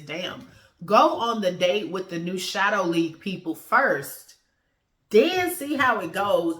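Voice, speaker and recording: A woman's voice: mid-range voice, a bit bright, reverberant. A woman giving a casual, slangy review of a TV episode and acting out the characters' lines as she goes.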